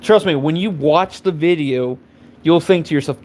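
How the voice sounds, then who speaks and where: A man's voice: a little high, moderate pace, darkish tone, a little hiss or hum. Rambling, profane young man ranting. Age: 20s. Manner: rambling and profane, heavy on fillers. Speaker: live streamer. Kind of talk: casual rant.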